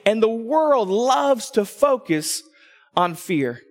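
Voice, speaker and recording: Animated man preaching in a big hall. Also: slow. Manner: animated storytelling, swings between low asides and excited rises. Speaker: pastor. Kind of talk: sermon with personal story. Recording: long hall reverb.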